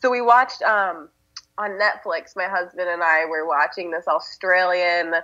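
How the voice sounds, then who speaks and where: A woman's voice: fairly low pitch, fairly even intonation, a little slow, sharp tone. Bubbly chatty young woman guest. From Midwest United States. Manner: bubbly, chatty, with fillers and laughs. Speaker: podcast guest. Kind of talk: casual interview chat. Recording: slightly dull lo-fi audio.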